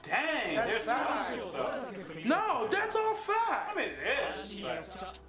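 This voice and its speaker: A man's voice: very high voice, takes it slowly, echoey room, over loud music. A man chatting casually and joking while reacting to an anime episode. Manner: animated, joking along with the show.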